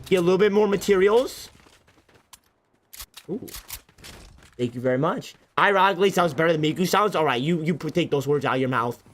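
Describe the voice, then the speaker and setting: A man's voice: on the high side, brisk, long pauses, a bit bright. A man streaming a game, chatting casually with goofy, self-mocking banter. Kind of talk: casual gameplay commentary.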